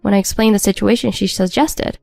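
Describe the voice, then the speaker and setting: A woman's voice: mid-range voice, fairly even intonation, fairly quick, gravelly, mellow, dry recording, faint music behind. A woman narrating a first-person story in a wry, matter-of-fact scripted read.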